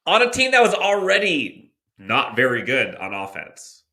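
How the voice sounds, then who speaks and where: A man's voice: mid-range voice, wildly swooping pitch, a little slow, pushed and bright. A man co-hosting a sports podcast, rattling off team stats in casual chat with dry laughs. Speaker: podcast co-host.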